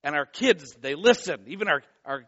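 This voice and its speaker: A middle-aged man preaching a sermon as a pastor, earnest and growing loud and animated as he tells a story. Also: on the high side, normal speed. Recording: dull lo-fi sound.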